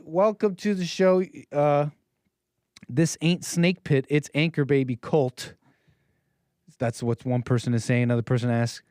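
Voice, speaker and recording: A man's voice: medium pitch, a little mellow, dry recording, studio quality. Rambling man hosting a call-in show. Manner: rambling, joking, many fillers and restarts. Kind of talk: casual call-in talk show.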